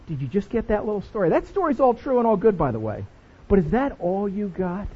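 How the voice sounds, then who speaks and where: A man's voice: high-pitched, very animated, fairly quick, husky. A man preaching a sermon as pastor, playful and jokey with his congregation. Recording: dull lo-fi recording.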